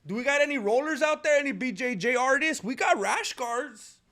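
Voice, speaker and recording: A man's voice: very high voice, expressive, a little fast, sharp tone. A man hosting a casual livestream, joking around and reading out names from the chat. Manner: playful, joking, reads chat names aloud. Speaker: livestream host.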